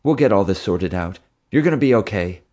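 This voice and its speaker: A man's voice: on the low side, lively intonation, a little fast, darkish tone, close to an everyday voice. A man reading an audiobook, voicing a protective mother in a raised, pleading, urgent voice. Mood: reassuring.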